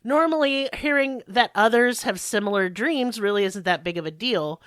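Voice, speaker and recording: A woman's voice: a little high, normal speed, a bit bright, no echo, studio quality. A woman in her twenties co-hosting a podcast, blunt and crude, joking between bits read from notes. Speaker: podcast co-host. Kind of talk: casual podcast chat.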